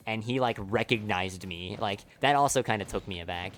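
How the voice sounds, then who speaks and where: A young man with a lowish voice chats casually to his stream while he plays, rambling and leaning on "like" in nearly every phrase. He swears freely and laughs at his own stories. Faint game music sits quietly behind him. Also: normal speed, few pauses. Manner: rambling, leans heavily on "like", laughs often, swears. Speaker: speedrunner streamer.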